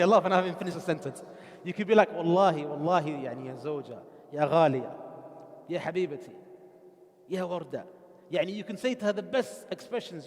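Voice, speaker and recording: Fast, high-voiced man preaching in a hall. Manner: conversational, joking, mixes in Arabic phrases. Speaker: imam giving a talk. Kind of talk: mosque talk on marriage. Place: large mosque hall. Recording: long hall reverb.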